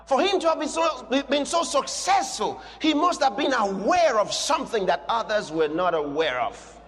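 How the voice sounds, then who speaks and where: A man preaching a sermon as pastor, emphatic and drawn-out, rising now and then into a shout. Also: very high voice, very animated. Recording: long hall reverb.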